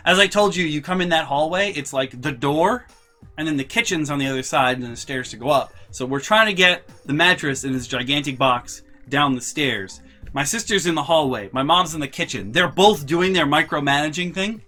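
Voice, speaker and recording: A young man vlogging a storytime, telling family anecdotes in an animated, sweary, casual way. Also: fairly high pitch, brisk, faint music behind. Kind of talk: storytime vlog.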